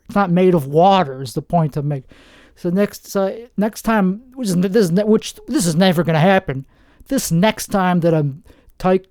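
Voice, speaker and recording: A man in his forties from New Jersey, hosting a rambling comedic monologue with deadpan, self-mocking asides. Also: sits high, no room sound, studio quality. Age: 40s. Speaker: comedian host.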